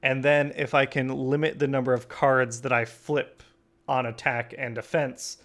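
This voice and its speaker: A man's voice: mid-range voice, level tone, normal speed, fairly bright tone. Agreeable young man chatting about cards. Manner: agreeable, uses many fillers and backchannels. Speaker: host. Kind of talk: casual chat about a card game.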